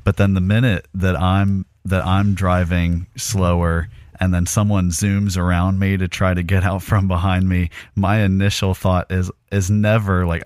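A man co-hosting a podcast, telling a story in a relaxed, casual way and murmuring agreement. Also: low-pitched, moderate pace, hardly any pauses, dry recording, studio quality. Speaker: podcast co-host.

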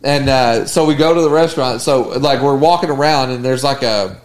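A man co-hosting a podcast, telling a long anecdote in casual, animated chat with plenty of swearing. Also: mid-range voice, brisk. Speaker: podcast co-host.

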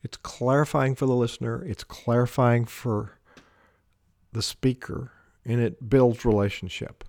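A man giving a measured talk on leadership, laying out his points one by one with deliberate emphasis. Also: medium pitch, steady tone, a little mellow, no room sound, clean studio sound. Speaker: leadership speaker.

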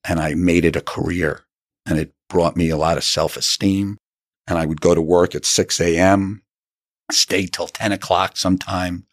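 A middle-aged man with a very low voice tells his life story in an earnest, unhurried way. He acts out remembered conversations as he goes. The sound is dry and close, with no room around it. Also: steady tone, no room sound. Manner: earnest, acts out quoted dialogue. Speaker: author and interview guest. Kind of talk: reflective storytelling in an interview.

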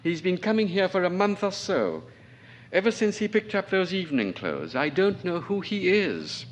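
A man's voice: high voice, big pitch swings, moderate pace, lo-fi sound, voice pushed up. A man reading aloud and voicing a young woman, raising his voice into a light, gossipy tone.

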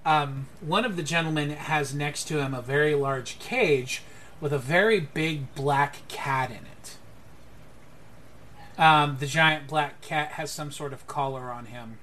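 A man's voice: a little high, unhurried, a bit bright, a little hiss or hum. A man narrating a tabletop game as game master, rambling with fillers and restarts.

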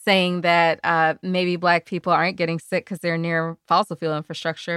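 A woman's voice: on the low side, flat delivery, normal speed, a bit bright, smooth, dry recording. A woman co-hosting a casual chat podcast with a dry, sarcastic manner. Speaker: podcast co-host.

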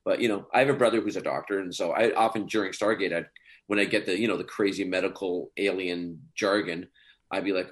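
A man's voice: low-pitched, steady tone, fast talker. A man being interviewed as an actor guest, telling stories in a chatty way with many fillers and frequent laughter. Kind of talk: casual interview chat.

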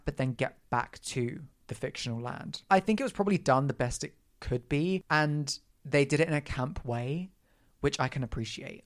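A young adult podcast host who talks alone in a loose, sarcastic rant and throws in plenty of camp asides. The delivery is animated and punchy, with a mid-pitched voice. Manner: animated, campy, sarcastic ranting with frequent asides. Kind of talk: casual solo podcast rant.

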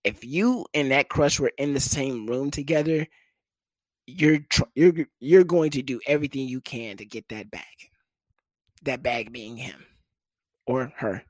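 A young man telling a comic story in casual, profane talk, with sudden jumps to high pitch for quoted people. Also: measured pace, no room sound.

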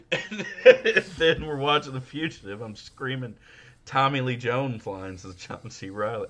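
A man co-hosting a casual podcast, laughing often and breaking into loud, high-pitched impressions. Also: huge pitch swings, slow pace, long pauses. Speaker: podcast co-host.

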